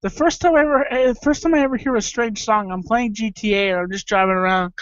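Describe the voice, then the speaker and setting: A man's voice: high voice, fast, a bit bright, smooth, no room sound. A man hosting a casual online chat, rambling and joking, often restarting his sentences, on a lo-fi call. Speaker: host.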